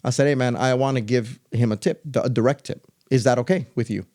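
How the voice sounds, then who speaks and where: This middle-aged man speaks at a quick pace in a mid-range voice while co-hosting a podcast. Chatting casually, he tells a story in a loose, animated way, playing out other people's lines.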